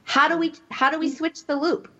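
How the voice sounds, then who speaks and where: A woman co-hosting a casual Christian women's talk show, telling stories in an animated way and laughing often. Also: sits high, moderate pace. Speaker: podcast co-host. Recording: dull lo-fi audio.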